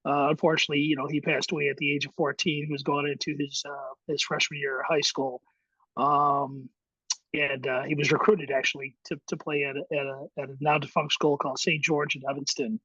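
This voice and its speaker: A man's voice: on the high side, little pitch movement, brisk, sharp tone, breathy edge, dry recording, highs cut off. A middle-aged man, a guest in an interview, telling his story in a reflective way with many fillers and restarts. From Chicago, USA. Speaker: guest, high school baseball coach.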